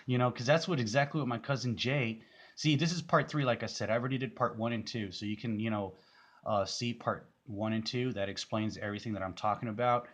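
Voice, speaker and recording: A man's voice: medium pitch, fairly quick, fairly bright tone, lo-fi sound. A man giving casual, rambling commentary on a music video, full of fillers and restarts.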